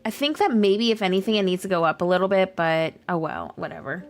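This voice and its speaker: A woman game streamer with a scratchy, hoarse voice, chatting casually and rambling with lots of "like" while she plays. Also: on the low side, fast talker, faint music behind. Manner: chatty, rambling, heavy use of "like". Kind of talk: casual livestream chat while playing.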